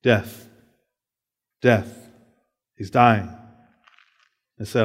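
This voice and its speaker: A man's voice: fairly low pitch, steady tone, takes it slowly, pauses often, long reverb tail. A man preaching a sermon, reading scripture aloud and explaining it in a casual way, often checking in with "right?". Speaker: pastor.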